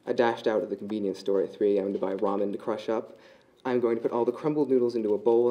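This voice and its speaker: A man reads his own literary fiction aloud at a live reading. His voice is low and very dark and mellow, and his delivery is measured and deadpan. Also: poor audio.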